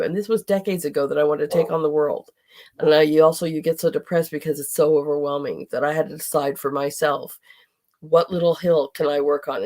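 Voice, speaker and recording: A woman's voice: low-pitched, a little mellow. A middle-aged woman hosting a podcast, speaking in an impassioned, indignant monologue and at times near tears. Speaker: podcast host.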